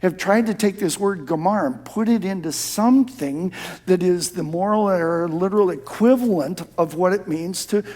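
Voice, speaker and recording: Man, pastor, sermon, hushed prayers, emphatic shouted peaks. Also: sits high, normal speed. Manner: builds to emphatic shouts on key phrases; drops to a soft hush when quoting prayer.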